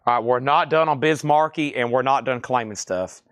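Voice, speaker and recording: A man's voice: mid-range voice, fairly bright tone, clean tone, no echo, clean studio sound. A man hosting a live-streamed record sale, rattling off items and prices with chatty asides. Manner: rapid item-and-price listing, chatty asides.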